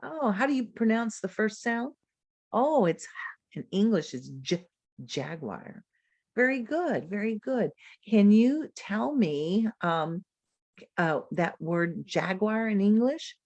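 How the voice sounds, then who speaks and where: A woman's voice: medium pitch, expressive, slow, darkish tone, no echo, dull audio. A woman presenting a literacy lesson over a video call, modeling classroom drills with patient, encouraging teacher talk and taking both the teacher's and the students' turns. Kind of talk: webinar lesson demonstration.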